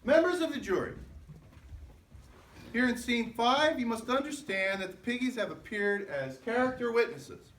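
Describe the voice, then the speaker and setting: A woman narrating a school play, reading the stage directions aloud in a slow, lively storytelling way. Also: a little high, slight background noise. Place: school auditorium. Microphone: far camera. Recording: echoey hall recorded from far off.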